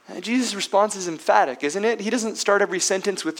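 A man's voice: sits high, fairly quick, hardly any pauses, fairly bright tone. A man preaching a sermon as pastor who keeps asking his listeners rhetorical questions, often ending with tag questions.

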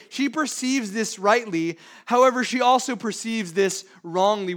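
A man with a high voice, preaching a sermon. He leans on rhetorical questions and lurches from loud stresses to hushed, quiet asides. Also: measured pace, few pauses. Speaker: pastor.

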